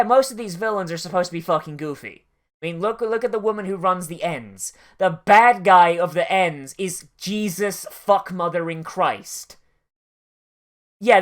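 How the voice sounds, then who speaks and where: A streamer riffs over an episode, swearing freely and drifting from one tangent to the next. The delivery is loose and conversational, at a middle pitch. The host talks as if to friends watching along. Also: a bit bright. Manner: profane, rambling and tangential storytelling. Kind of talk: casual commentary while watching an episode.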